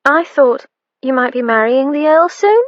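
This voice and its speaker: An eager young maid with a high, bright voice, earnest and fretful, as a woman narrator puts her on. She blurts out her questions. The storybook read is dry and a little muffled. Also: expressive, moderate pace, dry recording.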